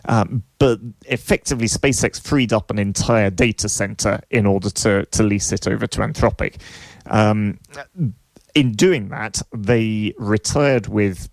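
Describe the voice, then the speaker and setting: Gravelly low-voiced man chatting tech news. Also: no room sound. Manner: halting, wry, thinks aloud. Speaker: podcast co-host. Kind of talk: casual tech news chat.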